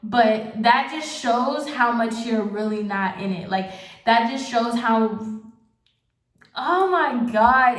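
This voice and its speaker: A young woman vlogger ranting in casual commentary, exasperated and sarcastic. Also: fairly high pitch. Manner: exasperated, sarcastic, fast asides. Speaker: beauty vlogger. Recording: echoey room.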